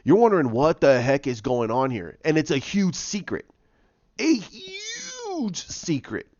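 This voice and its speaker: Recorded dry and muffled, lo-fi with no echo, a medium-pitched man talks at normal speed through a comic book plot. He animatedly voices the characters' lines and keeps restarting himself.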